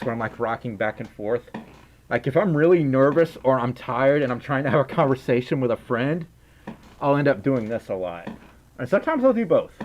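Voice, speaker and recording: On a muffled recording, a young male streamer with a medium-pitched voice chats casually and reads out donations. He rambles, giggles, and gets distracted easily.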